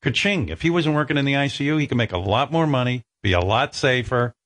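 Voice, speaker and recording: A man's voice: medium pitch, lively intonation, fast, a bit bright, dry recording. A man hosting a talk radio show, blunt, emphatic and sarcastic. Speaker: radio host.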